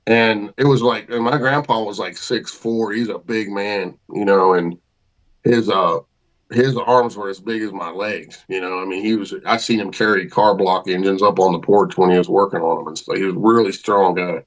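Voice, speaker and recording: A man with a fairly low voice spins a story in plain, folksy speech. He talks casually, as a guest on a chat show, and piles on colloquial phrasing and lively detail. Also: moderate pace, low-quality recording. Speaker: podcast guest.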